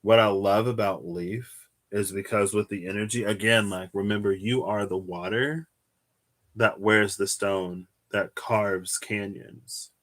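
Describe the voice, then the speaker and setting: A man's voice: fairly low pitch, fairly even intonation, unhurried, a bit bright. A tired young man chatting casually as he reads tarot, musing aloud and trailing off with sighs. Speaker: tarot reader. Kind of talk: casual solo tarot livestream.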